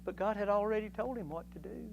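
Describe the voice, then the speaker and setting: A man leads a Sunday school class in a church, reading scripture and then riffing on it in a folksy, animated way. His voice sits a little high for a man. A faint hum runs underneath the recording. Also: fast talker, creaky, low-quality recording. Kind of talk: Bible lesson.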